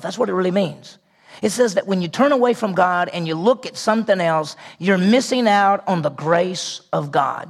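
A man preaching a sermon as pastor to a congregation, swinging between loud emphatic passages and hushed, quiet prayerful lines. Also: high-pitched, creaky. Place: church sanctuary with congregation.

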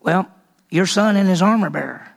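A man's voice: sits high, normal speed, vocal fry. A man teaching a Bible lesson as a sermon, telling the story with animation and acting out the characters' voices.

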